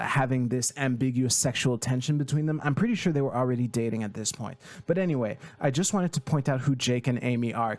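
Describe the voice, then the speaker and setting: A young man from Quebec giving casual TV commentary, rambling loosely with many fillers and offhand swearing. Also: mid-range voice. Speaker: video creator.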